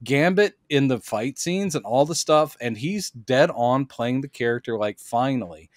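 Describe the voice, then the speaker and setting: Animated man in casual podcast chat. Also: normal speed, no room sound, studio quality. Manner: animated, acts out quotes in high put-on voices. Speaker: podcast co-host.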